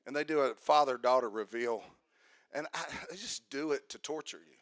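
A middle-aged man preaching a sermon. He swings from shouted, sing-song preaching to hushed, chatty storytelling. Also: mid-range voice, moderate pace, dry recording. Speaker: pastor.

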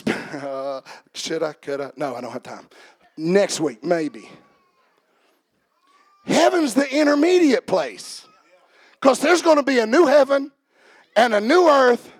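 A man preaching a sermon as pastor, swinging from quiet joking asides to shouted preaching and calling out to the congregation. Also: extremely high pitch, big pitch swings, slow pace, pauses often, husky, no echo. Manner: talks back and forth with the congregation. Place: church service.

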